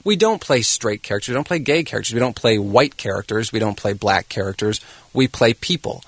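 A man's voice: lowish voice, expressive, brisk, dry recording. A man from Canada, a guest actor on a radio interview, who explains his views at length in a thoughtful, articulate way.

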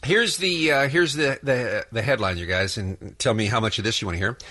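A man's voice: mid-range voice, brisk, bright, forceful tone. A middle-aged man hosting a morning radio show, teasing his co-hosts and laughing.

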